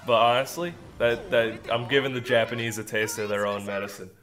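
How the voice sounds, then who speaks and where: A man's voice: mid-range voice, fairly even intonation, brisk, fairly bright tone. Goofy young man rambling over gameplay. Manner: goofy, rambling, laughs at own jokes. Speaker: gaming commentator. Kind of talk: casual gameplay commentary.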